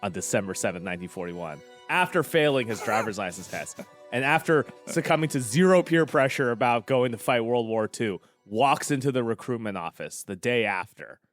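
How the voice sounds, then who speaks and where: A man running an improvised comedy story as game master, an animated, laughing storyteller on a close mic with headphones. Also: medium pitch, brisk, soft background music.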